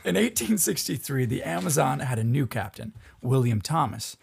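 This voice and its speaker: A man's voice: medium pitch, very animated, moderate pace, gravelly, slightly rough. A man hosting a casual podcast, telling a history story and laughing often as he goes. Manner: laughs often while narrating.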